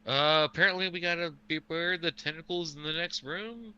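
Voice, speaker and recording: A man playing a tabletop game online, asking eager quick questions. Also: on the high side, sharp tone, clear, resonant tone, dry recording, highs cut off. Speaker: player. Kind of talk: casual tabletop play. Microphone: online call.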